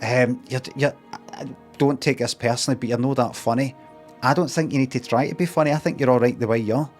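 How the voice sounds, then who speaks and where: A middle-aged Glaswegian man talks in a loose, rambling deadpan on a livestream, his voice sitting at an ordinary middle pitch. Now and then he jumps into little acted-out exchanges. Soft music plays faintly underneath. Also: fast talker. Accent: Scottish, Glaswegian. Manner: rambling, deadpan, acts out mock dialogue in a raised voice. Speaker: streamer. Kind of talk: casual livestream chat with chat readers.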